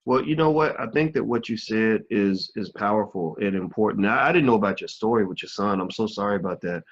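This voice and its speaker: A man hosts an online interview in a lowish voice. He talks haltingly, with many fillers and restarts, and the sound is dull and lo-fi. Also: husky. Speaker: host.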